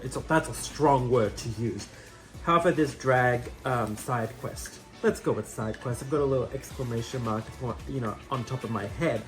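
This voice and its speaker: A young Australian man doing a chatty drag makeup tutorial, rambling in self-mocking asides. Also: mid-range voice. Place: indoor room with a fan.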